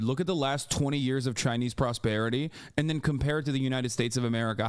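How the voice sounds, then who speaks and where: A man's voice: mid-range voice, fast talker, clean tone. A man hosting a live reaction stream, talking casually and breaking into heated, profane rants. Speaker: streamer host.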